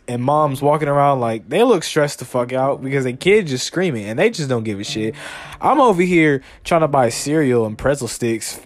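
A young man hosting a podcast, ranting comedically with heavy swearing and mocking voices. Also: medium pitch. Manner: animated, swearing, mock-quoting people in a raised voice. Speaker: podcast host. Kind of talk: profane comedic rant.

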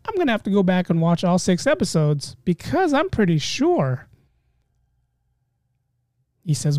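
A man hosting a casual solo podcast, talking in an animated, rambling way and often cutting himself off mid-thought. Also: sits high, a little slow, long pauses, dry recording, clean studio sound, faint music behind. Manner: animated, rambling, self-interrupting. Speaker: podcast host.

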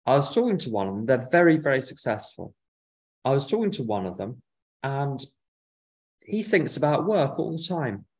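A man in his fifties, speaking from an office, who shares his own experience in a wry, reflective way with dry humorous asides. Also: mid-range voice. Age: 50s. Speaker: recovery meeting speaker. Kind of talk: personal talk sharing his experience.

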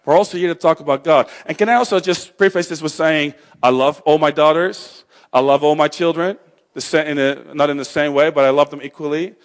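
A man's voice: fairly high pitch, fairly even intonation, a little fast. A middle-aged man giving a conversational talk on faith and suffering, with frequent restarts and joking asides.

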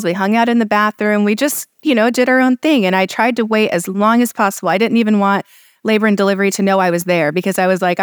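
A woman's voice: medium pitch, clean tone, dry recording, clean studio sound. A woman in her thirties, a podcast guest, telling her birth story in an earnest, emotional way with many fillers.

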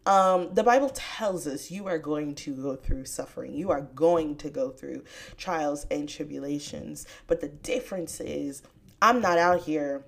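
A woman hosting a podcast, talking about scripture in a casual, chatty way with bursts of excitement. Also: sits low, creaky. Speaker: podcast host. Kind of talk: casual faith podcast talk.

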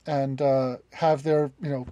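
A woman's voice: rumbling low, level tone, a little slow, warm tone, no echo, dull audio. A woman running a tabletop game as game master, narrating with many stops and restarts. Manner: hesitant, many restarts and fillers.

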